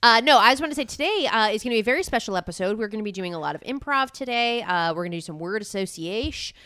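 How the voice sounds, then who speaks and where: A woman's voice: a little high, expressive, racing, fairly bright tone, clear, resonant tone, dry recording, studio quality. A woman co-hosting a casual comedy podcast, playful, with showy announcer-style introductions. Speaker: podcast co-host. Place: podcast studio.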